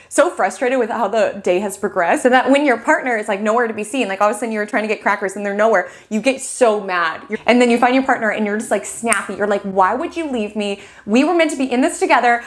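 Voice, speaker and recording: A young woman hosting an astrology forecast, talking casually with lots of "like" and acting out little quoted scenes. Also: a little high. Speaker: astrologer host.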